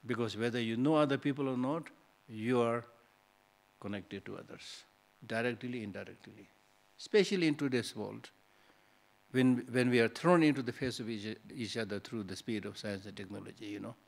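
A man's voice: mid-range voice, moderate pace, gravelly. A male Buddhist teacher giving a dharma talk in a hall, conversational and teasing, full of rhetorical questions.

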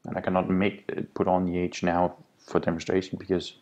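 Danish man, very low voice, pronunciation lesson, repeats sounds carefully. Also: completely flat delivery, darkish tone. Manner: spells out sounds slowly, repeats example words. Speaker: language teacher.

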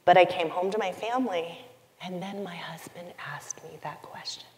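A middle-aged woman giving a keynote talk, telling a personal story in a confessional, emotive way with deliberate pauses. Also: lowish voice. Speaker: keynote speaker. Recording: long hall reverb.

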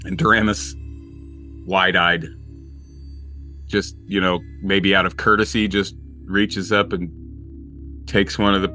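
Slow, bright-voiced male game master. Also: deep voice, little pitch movement, faint music behind. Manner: slow, descriptive, with frequent "um"s. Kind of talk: narrating a tabletop game.

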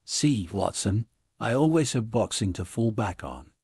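A man reading as a composed detective, measured and commanding, in a husky, hushed-sounding voice. The sound is dry and close, with no room around it, as if read in a storybook recording. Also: on the low side, lively intonation, dry recording, full character voice. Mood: calm. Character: calm, sharp male detective.

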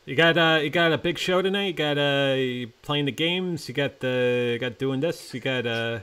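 A man's voice: medium pitch, normal speed, a bit bright, smooth. A man co-hosting a casual chat show, playfully reading viewer comments aloud.

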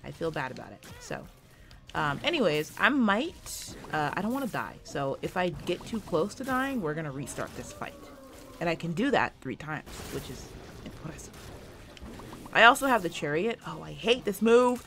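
Twenty-something american gamer girl, talks super fast, swears a lot, pitch bouncing all over. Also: fairly bright tone, slight background noise. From United States. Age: 20s. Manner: fast-talking, rambling, swears often. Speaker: gaming streamer. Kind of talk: casual gameplay commentary.

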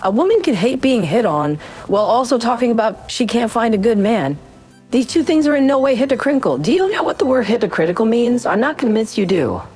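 A woman's voice: fairly high pitch, sing-song, brisk, darkish tone, husky, faint music behind. A woman co-hosting a reaction commentary, dry and incredulous. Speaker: commentary co-host.

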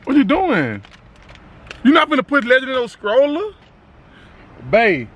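Young man with a lively, high voice. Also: measured pace. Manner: teasing, laughing, whiny pleading. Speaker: prankster vlogger. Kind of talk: casual filmed prank. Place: in and around a parked car outdoors. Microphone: handheld camera. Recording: outdoor noise, traffic.

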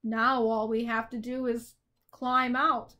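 A woman voicing a calm, sensible male watchdog, speaking a bit lower and in a measured way. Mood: steady.

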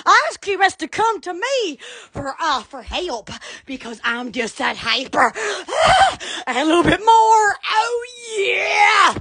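A woman's voice: extremely high pitch, animated, slow, a bit bright, raised voice. A woman hosting a live stream, hyper and giddy, full of squeals, laughing and exclamations. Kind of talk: excited live-stream chat.

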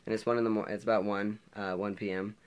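Rambling teenage boy with low voice. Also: level tone, quick pace, clear, resonant tone. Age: teens. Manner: rambling, many fillers and restarts. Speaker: vlogger. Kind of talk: storytime monologue.

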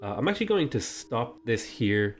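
A man's voice: mid-range voice, big pitch swings, normal speed, faint music behind. A man hosting a strategy game let's play, thinking aloud in casual commentary and talking back to the game's units.

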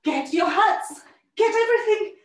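A woman teaching a family yoga class, telling a story with animated, sing-song guidance. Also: extremely high pitch, measured pace, distant mic. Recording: echoey room, voice off-mic.

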